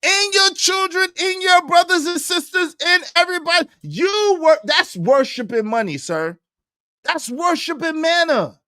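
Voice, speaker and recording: Guy going off on his stream, lively up and down voice, dead dry sound. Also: very high-pitched, unhurried, no echo. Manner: animated, heated, repetitive. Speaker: livestream host. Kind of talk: ranting livestream commentary.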